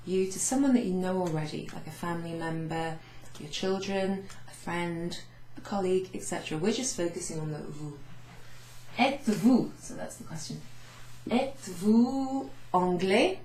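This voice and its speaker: A woman teaching beginners French from her office, going over phrases slowly with many fillers and repeating each example. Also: on the low side, warm tone, echoey room, a little hiss or hum, low-quality recording. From Wales. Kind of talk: recorded lesson recap for students. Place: home office with blinds closed.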